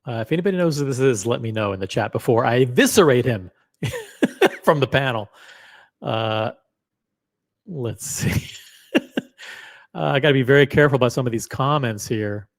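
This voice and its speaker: A man riffing on his own live stream in a casual, profane, joking way. His pitch sits in the middle but moves around a lot as he talks. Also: animated, moderate pace, pauses often. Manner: loose, joking, profane, reads chat aloud.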